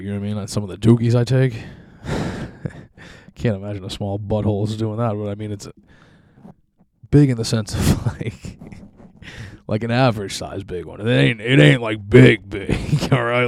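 A young man talks through a loose, profane podcast monologue in a fairly low, mellow voice. He rambles from one crude story to the next and keeps chuckling at his own jokes. The sound is dry and close, with no room around it. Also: creaky, dry recording. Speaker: podcast host.

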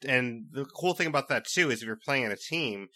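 A man's voice: medium pitch, expressive, fairly quick, pushed and bright. A man co-hosting a casual gaming podcast, chiming in with short agreeable remarks and follow-up questions. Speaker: podcast co-host.

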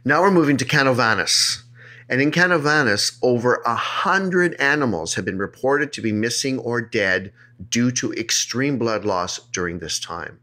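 A man's voice: mid-range voice, lively intonation, moderate pace, bright, forceful tone. A man hosting a podcast, telling a creepy legend in a playful, joking way. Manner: playful, jokey, puts on silly voices. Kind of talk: casual storytelling chat.

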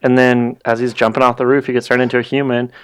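Male podcast co-host, wry and matter-of-fact, mid-pitched voice, dry room. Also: little pitch movement, quick pace, clean tone, no room sound. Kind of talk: casual chat recapping a cartoon.

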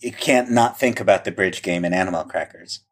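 A man's voice: sits low, brisk. A man co-hosting a podcast, thoughtfully describing old television clips in detail. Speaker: podcast co-host. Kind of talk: conversational film discussion.

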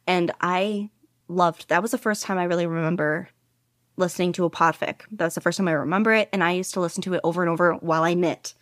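A young woman with a fairly low voice talks at length as an interview guest, rambling and enthusiastic. She fills her sentences with asides and casual fillers. The sound is dry and close, with no room around it. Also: steady tone, quick pace, dry recording. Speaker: guest podficcer.

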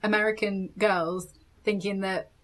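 A woman's voice: mid-range voice, steady tone, a little slow. A British woman chatting casually on a podcast, giving blunt opinions with a laugh. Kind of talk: casual chat.

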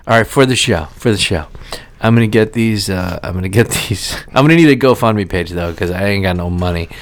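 A man's voice: fairly low pitch, a little fast. A man co-hosting a podcast, chatting casually and crudely, rambling and joking with frequent laughs. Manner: rambling, jokey, laughs often. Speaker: podcast co-host. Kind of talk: casual crude comedic chat.

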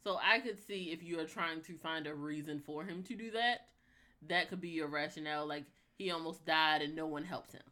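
A woman's voice: low-pitched, a little fast, pushed and bright. A woman co-hosting a podcast in casual chat, reasoning things out aloud. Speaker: podcast co-host.

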